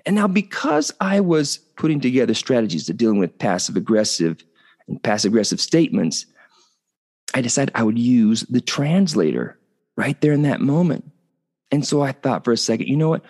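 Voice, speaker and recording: Middle-aged male host, animated storyteller, very expressive pitch. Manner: animated, conversational, tags points with "okay?". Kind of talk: storytelling talk.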